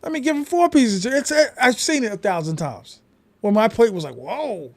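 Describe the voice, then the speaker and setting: A man, a podcast guest telling stories in casual conversation, emphatic and animated, swearing often. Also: high-pitched, fast. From New York City.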